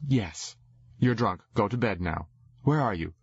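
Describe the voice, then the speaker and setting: A man's voice: fairly low pitch, animated, measured pace, creaky, slightly rough, no room sound, exaggerated voice. A man voicing an annoyed young woman who scolds a drunk caller, on a dull lo-fi recording. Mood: impatient. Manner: impatient and scolding. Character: annoyed young woman woken late at night.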